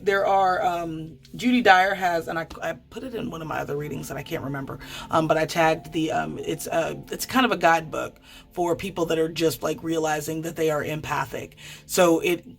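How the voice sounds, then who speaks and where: A woman giving a casual tarot card reading, chatty and quick to swear, often stammering and restarting her sentences. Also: low voice, fairly even intonation, vocal fry. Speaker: tarot reader.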